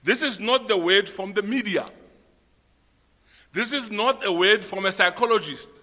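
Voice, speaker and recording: A man's voice: sits high, moderate pace, bright, forceful tone, big-room sound. A man with a South African accent preaching a sermon, spelling out his points and repeating them for note-takers. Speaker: pastor.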